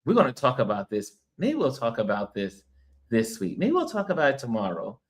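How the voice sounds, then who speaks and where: Middle-aged American male host, travel-weary, loose chatty delivery, laughs a lot, mid pitch. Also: huge pitch swings, brisk. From United States. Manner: chatty, laughs often, reads viewer comments aloud. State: tired from travel and little sleep. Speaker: livestream host. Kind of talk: casual livestream chat.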